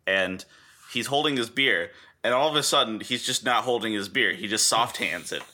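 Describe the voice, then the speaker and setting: A man co-hosting a podcast, telling rambling, animated stories in casual chat. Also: fairly low pitch, moderate pace. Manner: animated storyteller, rambling and jokey. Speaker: podcast co-host.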